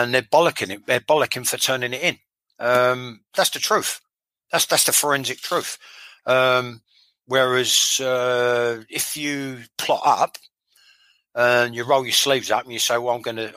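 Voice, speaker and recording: A man's voice: mid-range voice, steady tone, normal speed, bright, forceful tone, dry recording, low-quality recording. A man, a former footballer telling blunt, sweary stories in a casual interview, often repeating himself.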